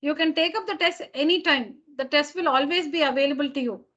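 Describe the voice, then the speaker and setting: A woman with a high voice teaches an online class over a dull, lo-fi call line. She speaks patiently and keeps restating her points so that everyone follows. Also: a little fast, a bit bright. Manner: patient, repeats and rephrases points. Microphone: computer mic on a video call.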